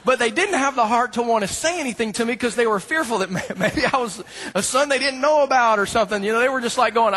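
Husky high-voiced preacher in a big hall. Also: male voice, quick pace. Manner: animated storyteller, laughing often, acting out dialogue. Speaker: pastor. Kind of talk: sermon with a comic personal story.

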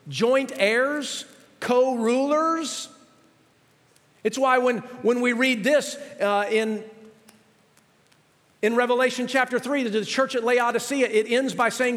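High-voiced preacher in a reverberant church. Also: male voice, fairly even intonation, a little slow. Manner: preaching with rising intensity, addresses ladies and gentlemen. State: out of breath. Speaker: pastor. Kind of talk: sermon. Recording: long hall reverb.

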